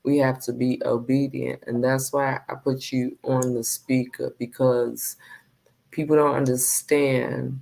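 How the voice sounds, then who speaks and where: A woman's voice: a bass voice, little pitch movement, a little slow, creaky, darkish tone. A woman hosting a casual live chat, talking in a heartfelt way and often repeating her phrases. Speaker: livestream host.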